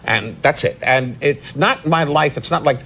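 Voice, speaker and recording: A man's voice: on the high side, bright, forceful tone, husky. Wisecracking elderly man in his eighties. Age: 80s. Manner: quick-witted insult comic, stammering restarts, teasing. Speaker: talk show guest. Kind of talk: comic storytelling on a talk show. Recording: TV studio with audience noise.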